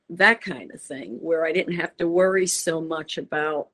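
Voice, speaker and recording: A woman, an author who narrated her own audiobook, talking in a casual interview with an animated storytelling manner. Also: sits low, normal speed.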